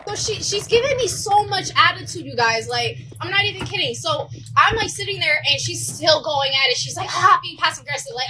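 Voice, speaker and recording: A woman's voice: very high-pitched, lively intonation, brisk, hardly any pauses, noisy background. A young woman casually telling a story to her viewers, animatedly acting out what the people in it said. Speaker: storyteller vlogger.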